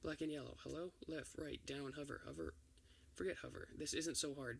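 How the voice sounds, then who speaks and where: A man reading an entire film script aloud for ASMR, doing every part in one steady voice. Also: fairly high pitch, fairly quick, gravelly, a little hiss or hum. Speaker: ASMR reader.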